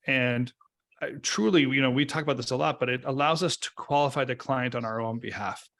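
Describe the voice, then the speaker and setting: A man with a gravelly, creaky voice joins a casual group discussion, thoughtful and steady. He often chimes in to agree. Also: mid-range voice, a little fast.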